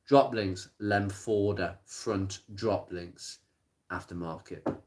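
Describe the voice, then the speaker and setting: A man chatting casually on a live stream about car parts, plain-spoken and rambling, with many pauses and restarts. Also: sits low, background noise. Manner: rattles off blunt practical advice. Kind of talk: casual live-stream chat answering viewer comments. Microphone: smartphone.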